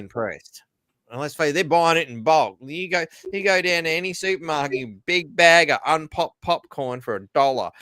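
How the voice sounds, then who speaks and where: A man hosting a podcast reacts in a blunt, foul-mouthed way and breaks off to speak to his listeners. His voice sits a little high and sounds close and dry, with no room around it. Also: a bit bright, dry recording. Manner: blunt and profane, with asides to listeners. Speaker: podcast host. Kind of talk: casual reaction commentary.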